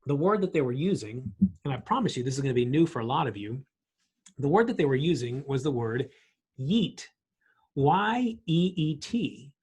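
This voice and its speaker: A middle-aged man teaching a church Bible study class in a conversational way, with a husky voice and vivid voiced examples. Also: medium pitch, expressive, brisk, darkish tone.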